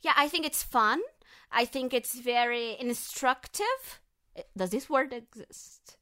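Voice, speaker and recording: A woman's voice: fairly high pitch, slow, fairly bright tone, smooth. A woman co-hosting a casual chat, bubbly and playful, often laughing. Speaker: podcast co-host.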